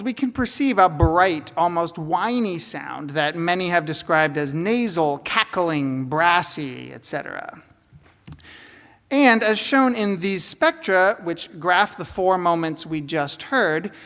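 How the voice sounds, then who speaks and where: A woman's voice: lowish voice, a bit bright. Woman lecturing in a reverberant hall. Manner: explanatory, with fillers and asides. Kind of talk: academic lecture.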